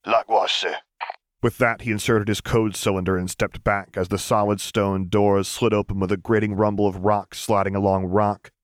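A man narrating fan fiction as an audiobook reader, in a steady, measured way. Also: lowish voice, smooth, no echo.

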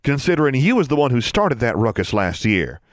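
A man's voice: medium pitch, sing-song, fairly quick, dry recording, pitched above the performer's own voice, close to an everyday voice. A prim, old-fashioned teenage girl with a folksy turn of speech and a raised voice, as a man puts her on in a storybook. Dry, close sound; she lectures more than she talks. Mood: chiding. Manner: folksy dialect, scolding.

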